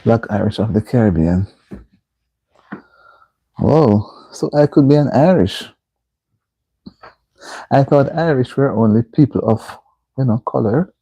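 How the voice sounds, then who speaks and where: A man's voice: medium pitch, animated, a little slow, pauses often, dark tone, slightly rough, no echo, muffled recording. A man hosting a casual live stream, reading viewer comments aloud and repeatedly asking people to like the stream. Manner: reads viewer comments aloud and keeps urging likes.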